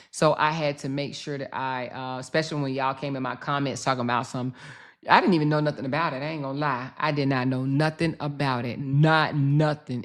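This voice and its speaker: A woman hosting a casual live stream in a blunt, profane, animated style, thanking viewers and speaking. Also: rumbling low. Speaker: live-stream commentary host.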